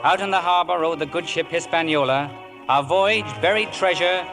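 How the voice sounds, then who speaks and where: A man's voice: a little high, normal speed, natural voice. A man narrating his own boyhood story in a 1950s radio drama. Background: music.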